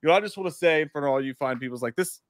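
A man co-hosting a casual movie chat, excitable and swearing, acting out scenes. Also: a little high, very fast, background noise. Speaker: podcast co-host.

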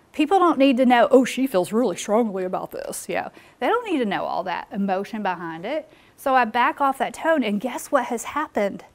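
A woman presenting a live workshop in a meeting room, engaging the audience with questions. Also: fairly high pitch.

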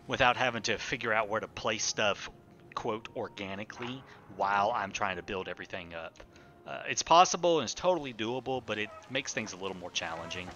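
Low, bright-voiced male game streamer. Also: slight background noise. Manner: thinks aloud, rambling with fillers and self-corrections; chats with viewers while playing. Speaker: streamer playing a city-building game. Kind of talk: casual live-stream commentary.

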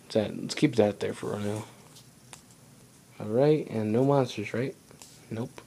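Young male let's-play host, low voice, chatty and rambling self-talk. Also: unhurried, creaky, mellow, a little hiss or hum. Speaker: gaming channel host. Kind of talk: casual let's play commentary.

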